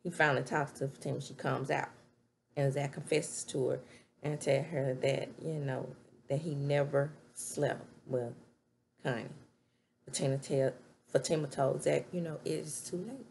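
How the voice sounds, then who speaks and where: A woman recapping a TV show in casual, animated chat from a home webcam setup. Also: extremely low pitch, unhurried, gravelly, slight background noise. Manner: chatty, animated, laughs while retelling scenes. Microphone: webcam setup with ring light.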